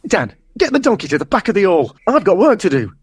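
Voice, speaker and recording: A man's voice: high voice, big pitch swings, quick pace, slight background noise. A man playing a brusque middle-aged director running nativity auditions in a radio sitcom. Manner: brusque, dismissive. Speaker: show director. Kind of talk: comedy radio sitcom acting.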